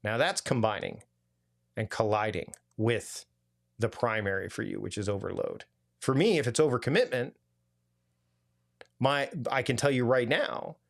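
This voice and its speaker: A man's voice: medium pitch, gravelly. Chatty man coaching a live online session. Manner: chatty and animated, with many restarts and asides. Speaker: productivity coach leading a live online challenge. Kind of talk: casual live workshop talk.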